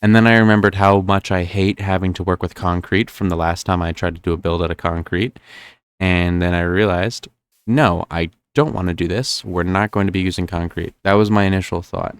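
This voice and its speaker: A young man with a New Jersey accent rambles through live-stream gameplay commentary, thinking aloud and circling back with ums and likes. His deep, low voice is clean in tone, fairly quick and fairly even, recorded dry with no room echo.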